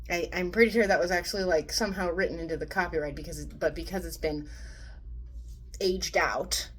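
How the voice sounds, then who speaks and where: A woman's voice: lowish voice, brisk. A young woman vlogging a casual movie review rant. She swears freely and acts out quotes in mocking voices.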